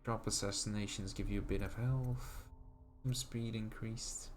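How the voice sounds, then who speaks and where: Quiet mumbling man streaming a game. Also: on the low side, fairly even intonation, measured pace, a little hiss or hum. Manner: quiet, mumbling, reads menu options aloud. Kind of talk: casual gameplay commentary.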